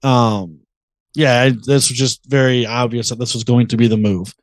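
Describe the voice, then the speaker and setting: A man co-hosting a sports podcast in casual chat, relaxed and fond of sports analogies. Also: mid-range voice, normal speed, no room sound. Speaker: podcast co-host.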